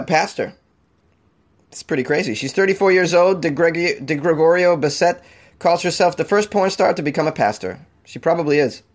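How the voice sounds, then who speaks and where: A man hosting a comedy weird-news show, riffing on stories in a jokey, rambling way. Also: a little high. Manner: jokey, rambling, quick to laugh.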